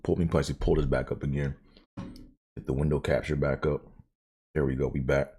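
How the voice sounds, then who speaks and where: A man's voice: extremely low pitch, steady tone, moderate pace, warm tone, husky. A man hosting his own show, telling stories in a casual, profane, joking monologue. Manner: profane, laughing storyteller. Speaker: host.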